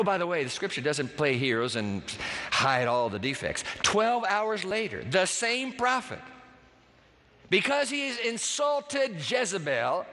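A man's voice: high-pitched, pushed and bright, big-room sound. A man preaching a sermon as pastor, with dramatic, emphatic delivery and big swings in his voice.

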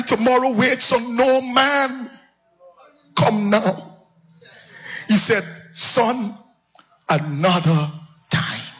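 A male pastor delivers a slow, deliberate sermon, rising from a hush to soaring, anguished cries. His voice is bright and sits a little high. The recording has a dull, lo-fi sound. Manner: impassioned preacher, swinging from low hush to high cries.

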